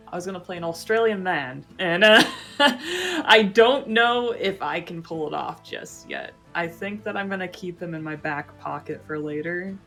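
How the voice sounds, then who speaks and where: Giggly woman with a low gravelly voice. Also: expressive, a little slow, a bit bright, faint music behind. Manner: giggly, hesitant. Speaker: podcast guest. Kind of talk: casual podcast chat.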